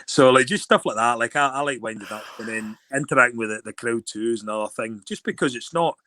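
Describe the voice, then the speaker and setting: Scottish man, middle-aged, animated rambling storyteller, bright tone, dry close sound. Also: medium pitch, fast talker, dry recording. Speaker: guest. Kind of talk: casual chat.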